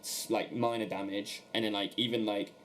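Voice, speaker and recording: A man's voice: on the low side, little pitch movement, normal speed, a bit bright, a little hiss or hum. A man co-hosting a podcast in casual chat, rambling with lots of fillers and giving blunt opinions. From not American. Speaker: podcast co-host.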